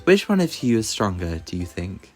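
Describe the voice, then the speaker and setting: A man voicing an excitable little girl in a strained, squeaky falsetto. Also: normal speed, faint music behind. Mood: excited. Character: tiny excitable little girl, proud Elite Four member.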